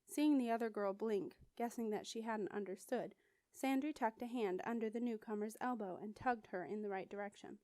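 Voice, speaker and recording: A woman narrating a novel as an audiobook, measured and clear. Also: fairly high pitch, dark tone, no room sound. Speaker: audiobook reader.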